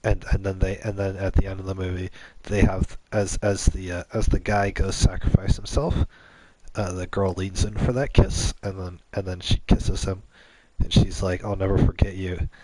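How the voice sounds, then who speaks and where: A man's voice: low-pitched, little pitch movement, normal speed, very noisy. A man hosting a gaming channel, making up a long story on the spot, rambling with many restarts.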